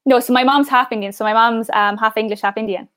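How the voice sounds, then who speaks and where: A woman's voice: on the high side, steady tone, fast talker, fairly bright tone, dry recording, clean studio sound. A young woman with an Irish accent, a guest in a casual interview, chatty and upbeat with lots of "like" and "I suppose". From Ireland. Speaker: interview guest, pageant finalist.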